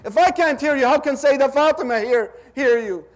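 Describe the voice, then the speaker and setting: A man delivering a mourning sermon, telling a story slowly and urging the audience to repeat lines after him. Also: extremely high pitch. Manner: slow, drawn-out, urges the audience to repeat lines. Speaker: speaker at a religious gathering. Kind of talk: mourning sermon with call-and-response.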